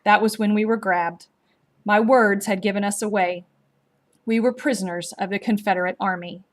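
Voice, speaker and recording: A woman narrating a story aloud in a slow, measured, gently expressive storybook reading. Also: mid-range voice.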